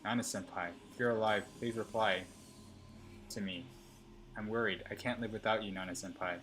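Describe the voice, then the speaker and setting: A man voicing a clingy, obsessive schoolgirl stalker as he reads her text messages aloud in a plain, even voice. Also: lowish voice, normal speed, slight background noise, lightly acted.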